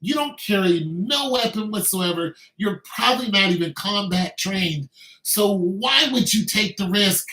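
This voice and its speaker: A man's voice: sits high, expressive, a little slow, pushed and bright, reverberant, a little hiss or hum, rough recording. A man, an army veteran, speaking in a casual commentary monologue, loose and conversational with many filler phrases. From Braddock, Pennsylvania.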